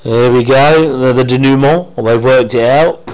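A man happily rambles through an episode he loves in a relaxed watch-along, his voice at an ordinary middle pitch and a moderate pace. Half-finished sentences trail off and he doubles back. The home-microphone audio is poor.

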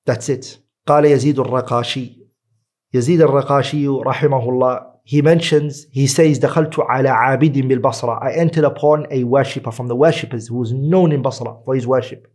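A man teaching a sermon, reciting Arabic lines quickly and then translating them into English at a slower, earnest pace. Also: medium pitch, fairly even intonation, darkish tone. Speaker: Islamic teacher.

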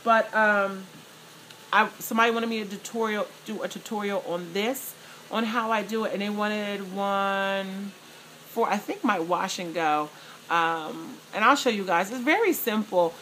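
Brief: woman vlogger, excited and gushing, casual chat to her fans, mid-pitched voice, faint noise behind. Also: measured pace, rough recording. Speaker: vlogger and plus-size model.

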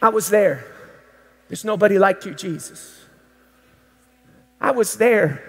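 A man's voice: very high-pitched, moderate pace, bright, forceful tone, heavily acted. A man preaching as the apostle Peter, a devoted fisherman praying aloud in heartfelt first person, in a church hall with long reverb. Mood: remorseful. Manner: heartfelt first-person prayer, intense and pleading. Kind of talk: dramatized sermon monologue.

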